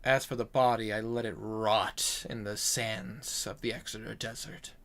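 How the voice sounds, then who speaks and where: A man's voice: fairly low pitch, steady tone, a little slow, fairly bright tone, pitched below the performer's own voice. A man voicing a proud male veteran demon slayer who talks in a grim, boastful way.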